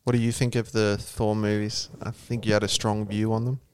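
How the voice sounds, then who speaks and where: A man's voice: on the low side, little pitch movement, a little fast, clean tone. A man co-hosting a podcast, chatting casually in a laid-back, dry, teasing way. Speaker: podcast co-host. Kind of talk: casual chat.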